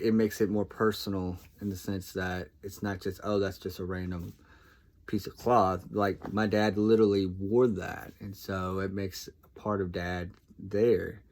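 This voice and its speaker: Soft-spoken, hesitant man, fairly low voice. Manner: soft-spoken, hesitant with many ums and restarts. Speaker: vlogger. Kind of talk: casual reflective monologue.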